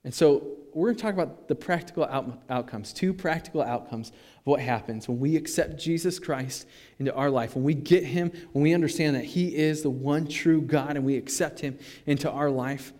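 A male pastor with a somewhat high voice preaches a sermon in a casual, animated way, often restarting his sentences. His voice trails off into the long reverb of a church sanctuary. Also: moderate pace.

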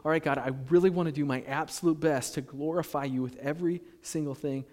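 A man's voice: on the high side, fast talker. A man preaching a sermon, reading scripture and acting out quoted voices with rising emphasis. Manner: animated, acts out quoted voices, rises loud when emphatic. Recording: long hall reverb.

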